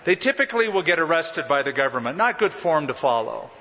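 A man's voice: very animated, a little fast, a bit bright, slight background noise. Man preaching in a reverberant hall. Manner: emphatic, dramatic rises and drops in pitch. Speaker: pastor. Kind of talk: expository sermon. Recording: dull sound in a large reverberant hall.

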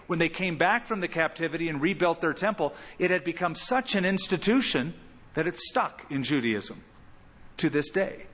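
A man preaching an expository sermon as pastor, animated, with big swings in pitch and loudness. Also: big-room sound.

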